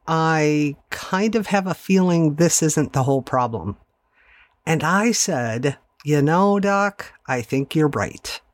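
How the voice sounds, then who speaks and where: A woman's voice: deep voice, no echo. Candid woman telling her story, dry sound. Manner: candid, conversational, wry asides. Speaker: podcast host. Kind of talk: personal storytelling monologue.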